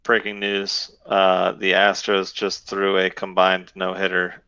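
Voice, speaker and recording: A man's voice: low-pitched, monotone, measured pace, bright, forceful tone, smooth, no room sound, dull audio. A man joining a podcast as a guest with a laid-back, dryly humorous way of talking. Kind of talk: casual sports chat.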